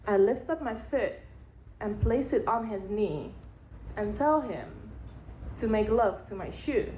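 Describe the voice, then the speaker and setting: A woman telling a frank personal story, candid and wry, with pauses for effect. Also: mid-range voice, warm tone, slight background noise. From Netherlands. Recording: roomy echo.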